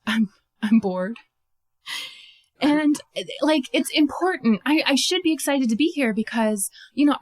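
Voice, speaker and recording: A woman tells a true story on stage in a slightly high voice. She is animated and self-mocking, sprinkling in "like" and laughing at her own lines. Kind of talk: first-person stage storytelling.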